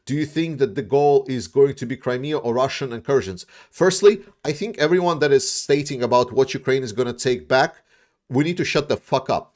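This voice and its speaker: A man's voice: mid-range voice, a little fast, darkish tone. A man giving casual commentary and answering viewer questions, speaking bluntly with many restarts, fillers and some swearing. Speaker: YouTube war commentator.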